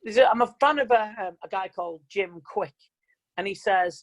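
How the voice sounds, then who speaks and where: A man's voice: high voice, normal speed, poor audio. Male mind coach, online seminar, emphatic, repetitive, plain-spoken, video call.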